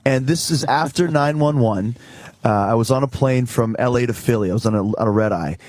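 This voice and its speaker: A man guest on a radio talk show, telling stories in a profane, animated way. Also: mid-range voice, fairly quick, no room sound. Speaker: guest, wrestler and musician. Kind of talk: casual radio chat, storytelling.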